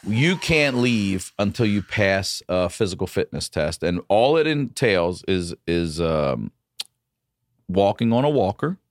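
A man, a comedian guest on a podcast, telling a story in a casual, profane, animated way. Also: low voice, unhurried, no echo.

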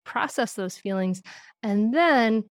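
A woman's voice: on the high side, takes it slowly, no room sound, clean studio sound. A middle-aged woman, a podcast guest, telling parenting stories in casual talk, laughing often and acting out what she said. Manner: animated, laughs often, acts out quotes.

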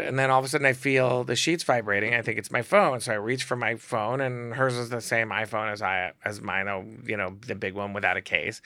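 A middle-aged man spins his stories in a gravelly, bright voice. He swings into the voices of the people he quotes as he goes. The sound is dry and close. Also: medium pitch, no room sound. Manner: animated, acts out quoted voices. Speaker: guest storyteller, celebrity photographer. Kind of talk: casual storytelling.

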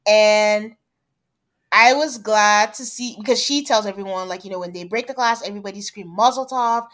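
A podcast co-host with a mid-range, fairly bright voice chats casually at normal speed, retelling a reality show and dropping in quoted asides.

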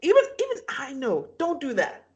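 A woman co-hosting a casual podcast, retelling scenes from a show. She has a fairly high voice and her pitch moves a lot as she acts out what people said. She laughs often as she goes. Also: huge pitch swings, moderate pace. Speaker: podcast co-host recapping a reality show. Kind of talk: casual chat.

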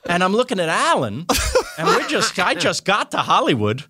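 A middle-aged man telling lively anecdotes as a podcast guest, excitable and quick to laugh. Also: high voice, breathy edge. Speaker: guest, writer-producer.

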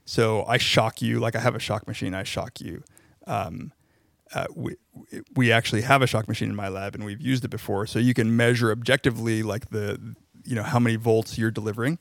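A man's voice: on the low side, fairly even intonation, a little fast, creaky, a bit bright, no room sound, clean studio sound. A man co-hosting a podcast, explaining social psychology research in casual academic chat, with frequent "like"s and restarts.

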